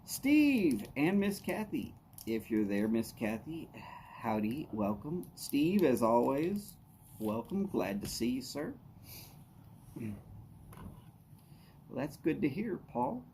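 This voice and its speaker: A man talks slowly and unhurriedly, greeting his viewers one by one on a live stream. His voice sits at an ordinary middle pitch in a laid-back drawl. Faint outdoor ambience hums behind him. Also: big pitch swings, mellow, slight background noise. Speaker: livestream host. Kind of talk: casual live-stream chat.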